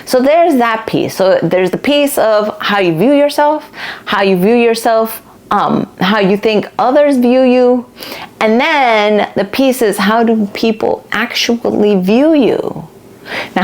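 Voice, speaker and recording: A woman's voice: medium pitch, expressive, measured pace. A woman hosting a casual spiritual self-help talk, speaking candidly and chattily, swearing now and then and acting out the people she quotes. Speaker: podcast host.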